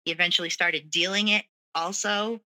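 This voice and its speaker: A woman's voice: on the low side, fairly even intonation, normal speed, pushed and bright, low-quality recording. A woman frankly telling her own story as an interview guest, conversational and loose, with nervous laughs. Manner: casual fillers like "like" and "you know". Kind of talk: candid personal storytelling.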